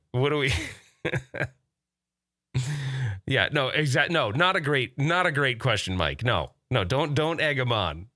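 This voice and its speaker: Animated, chatty man in his forties. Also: mid-range voice, dry recording, clean studio sound. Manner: rambling, animated, laughs often. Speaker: podcast host. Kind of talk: casual chat reading live chat questions.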